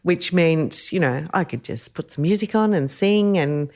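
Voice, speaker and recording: Guest, Australian woman, middle-aged, deep-set voice, warm storyteller who laughs easily. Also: unhurried. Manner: lively, laughs often while telling stories. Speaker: podcast guest. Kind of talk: storytelling in casual chat.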